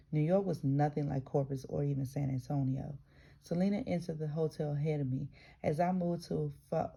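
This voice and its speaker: Gravelly low-voiced woman reading aloud. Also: warm tone. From American South. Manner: frequent restarts and self-corrections while reading. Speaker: reader. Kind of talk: reading a book aloud with chatty asides.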